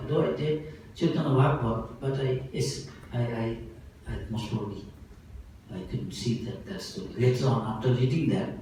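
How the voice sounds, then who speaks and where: Animated monk telling a story in an echoing hall. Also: male voice, mid-range voice, noisy background. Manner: lively, animated storytelling with frequent laughter. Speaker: monk giving a talk. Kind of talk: sermon storytelling. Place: festival hall. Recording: very echoey hall, voice from far off.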